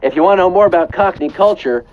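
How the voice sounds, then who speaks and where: A man's voice: high-pitched, quick pace, a little mellow, low-quality recording. A man hosting a live trivia game show, playful and jokey, breaking into song snippets between questions. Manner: playful, punning, sings snippets. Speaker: quiz show host.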